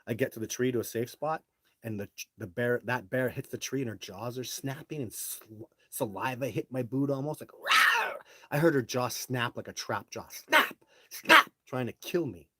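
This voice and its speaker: A middle-aged man hosting a live show, telling his own stories casually and answering viewer questions in an animated way, with some swearing. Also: mid-range voice, normal speed, dry recording.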